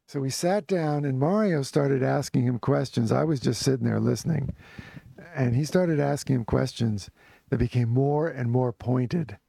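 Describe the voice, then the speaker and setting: Gravelly man telling a story. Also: medium pitch, normal speed, no room sound. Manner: lively storyteller who acts out quoted voices, with restarts and chuckles. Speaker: author guest. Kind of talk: anecdotal storytelling in conversation.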